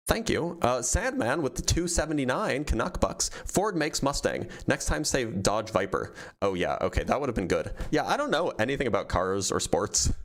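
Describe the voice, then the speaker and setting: Lively male streamer reading chat aloud. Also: mid-range voice. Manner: reads donor messages aloud, laughs often. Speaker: streamer reading super chats. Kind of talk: casual livestream chat.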